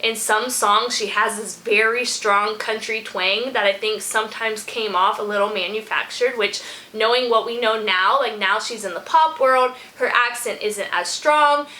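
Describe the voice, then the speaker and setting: Chatty woman reacting to songs, kinda high bright voice, rambles and says y'all. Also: normal speed, rough recording. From from a small country town. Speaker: music reaction vlogger. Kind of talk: casual chat.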